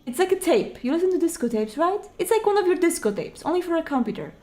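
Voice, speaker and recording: A woman voicing a calm, methodical male police lieutenant in a video game playthrough, explaining things in an even, matter-of-fact way. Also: very high-pitched, fast talker, pitched above the performer's own voice.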